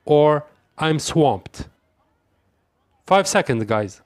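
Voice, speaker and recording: A man hosting an English lesson as a quiz, saying each example phrase slowly and deliberately and repeating it. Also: on the high side, animated, dry recording, studio quality. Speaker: English teacher. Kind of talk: quiz-style language lesson.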